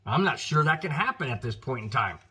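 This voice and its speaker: A man's voice: mid-range voice, big pitch swings, brisk, sharp tone, slightly rough. A man with an American accent hosting his own football show, giving emphatic, frustrated commentary and talking straight to his viewers. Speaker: sports podcast host.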